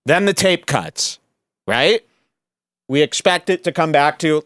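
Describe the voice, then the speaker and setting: A man's voice: on the high side, lively intonation, takes it slowly, a bit bright, no echo, studio quality. A man hosting a podcast, giving sarcastic, rambling, jokey commentary on a video clip. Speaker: podcast host.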